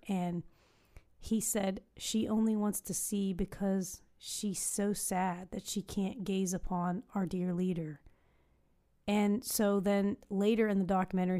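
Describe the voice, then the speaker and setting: A woman's voice: on the low side, a little mellow. A woman chatting casually, recounting a long story with lots of "um"s and restarts. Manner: rambling storytelling with many fillers. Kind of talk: casual chat.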